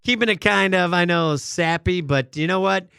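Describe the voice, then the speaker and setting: A man's voice: high voice, normal speed, creaky, bright, forceful tone, clear, resonant tone, no echo, clean studio sound. A man co-hosting a podcast in a boisterous, casual chat, laughing often. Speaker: podcast co-host.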